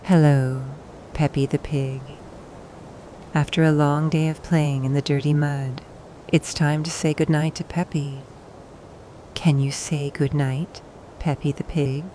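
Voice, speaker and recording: A woman with a low, mellow voice tells a gentle bedtime story for toddlers at an unhurried pace. She speaks softly and soothingly, pausing now and then for the little listener to reply. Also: little pitch movement, slight background noise. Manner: soft and soothing, pausing for the child to answer.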